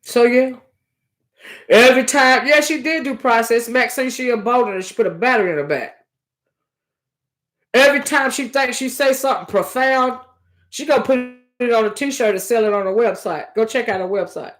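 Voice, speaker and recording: A woman giving impassioned opinion commentary, preachy and hollering at times, stumbling over her words and repeating phrases for emphasis, close on a loud microphone. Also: fairly high pitch, normal speed. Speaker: commentary channel host. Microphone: loud close desktop microphone.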